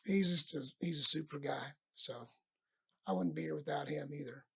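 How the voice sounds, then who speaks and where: A man's voice: on the high side, moderate pace. A middle-aged man, a wrestling coach, telling stories from his youth in a podcast interview and acting out his old coaches' words. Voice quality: gravelly, husky voice. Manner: animated storyteller acting out his coaches' lines. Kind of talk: storytelling in casual interview.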